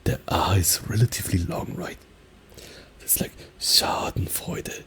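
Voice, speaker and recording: A man talking softly and slipping into whispers in a soft-spoken ASMR video, often padding with "like" as he explains. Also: low-pitched, fairly even intonation, moderate pace. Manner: alternates soft talking and whispers, many "like" fillers. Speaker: ASMR creator. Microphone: binaural mic.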